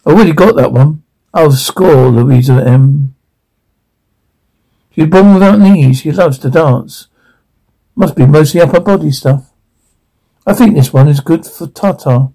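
A man with a gravelly voice delivering sitcom dialogue in halting bursts full of restarts. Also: on the high side, warm tone, rough recording.

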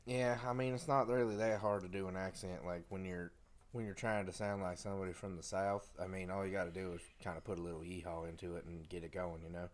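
Male co-host from the US South, lower voice, relaxed and jokey. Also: quick pace. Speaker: podcast co-host. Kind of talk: casual chat.

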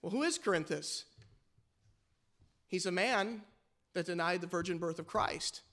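A man's voice: sits high, a little slow, fairly bright tone. A male pastor preaching a sermon with fervor, pressing his listeners with rhetorical questions.

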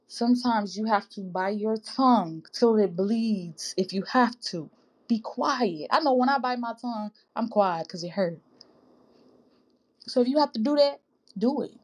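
Her voice a little high, a woman hosts a faith-based podcast aimed at women. Earnest and informal, she addresses listeners as sis and baby and exhorts them like a preacher.

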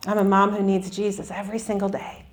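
A woman in her forties speaks at a middle pitch in an earnest, candid faith talk. She mixes sincere encouragement with self-deprecating humor about her own struggles. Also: level tone, fast. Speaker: Christian speaker.

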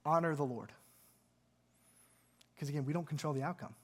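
Male pastor, sermon, earnest, emphatic, slightly high-pitched. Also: normal speed.

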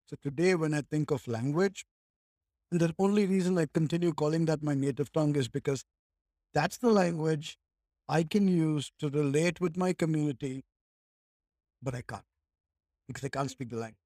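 A man's voice: on the high side, normal speed, pauses often, warm tone, dry recording, clean studio sound. A man from India in casual conversation, thinking aloud and leaning on "like" and "right?" a lot.

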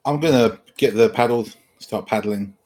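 A man's voice: medium pitch, moderate pace, a little mellow. A man casually suggesting plans as a player in a tabletop role-playing game.

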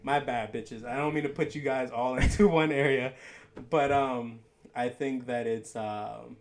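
A man's voice: medium pitch, steady tone, measured pace. A young man co-hosting a casual podcast, rambling with lots of fillers, swearing freely and teasing his friend. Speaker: podcast co-host. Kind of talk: casual chat.

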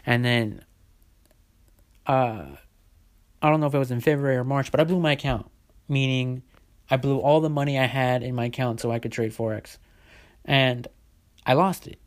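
A man's voice: mid-range voice, steady tone, moderate pace. Rambling young man in his twenties. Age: 20s. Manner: rambling, lots of "like", swears freely. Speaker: vlogger. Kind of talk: casual storytelling vlog.

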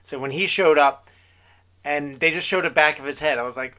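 Bright-voiced easygoing podcast co-host, male. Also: fairly high pitch, brisk. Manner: easygoing, agreeable, hesitant with ums. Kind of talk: casual recap chat.

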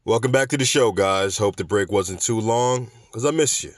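A man's voice: lowish voice, normal speed, no echo, studio quality. A man hosting a podcast in a casual monologue, chatty and joking, loose and profane, laughing at his own jokes. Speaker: podcast host.

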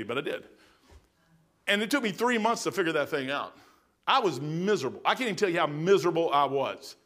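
High-voiced folksy preacher man. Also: a bit bright. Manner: folksy, storytelling, emphatic, addresses listeners as "man". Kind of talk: sermon.

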